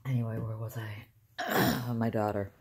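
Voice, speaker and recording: An older woman talking casually to her viewers from inside a car, soft-spoken and halting, trailing off with sighs. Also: rumbling low, flat delivery, husky. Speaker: vlogger. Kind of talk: rambling casual talk to camera.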